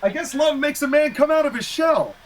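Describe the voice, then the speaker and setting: A man calling a match play-by-play in casual style, excitable, laughing easily and exclaiming at big moves. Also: extremely high pitch, brisk, a little hiss or hum, rough recording. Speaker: play-by-play commentator.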